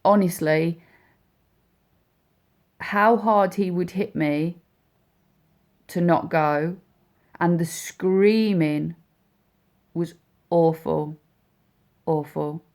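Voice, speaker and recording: A woman speaking as a mother, telling a personal story in a heartfelt, halting way with many repeats and restarts. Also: lowish voice, a little mellow. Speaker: mother speaking about her son.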